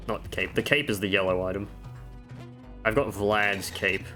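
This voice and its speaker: This time the gaming video creator's voice is lowish, steady, bright and forceful, at a moderate pace, with faint music behind. He's at home on a desk microphone, giving casual commentary and game tips alongside offhand self-mocking jokes.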